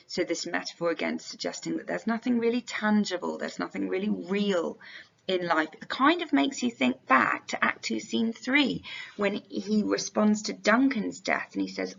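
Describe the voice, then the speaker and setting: A woman's voice: medium pitch, animated, normal speed, gravelly. A young adult woman explaining a play for exam revision as a teacher, often reading quotations aloud. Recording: dull lo-fi sound.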